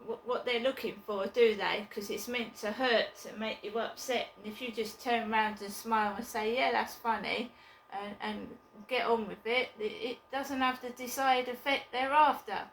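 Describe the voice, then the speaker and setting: A woman vlogging from her flat, chatting casually and bluntly in a rambling way, with occasional swearing. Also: a little high, moderate pace, echoey room, a little hiss or hum, poor audio. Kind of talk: casual chat to camera.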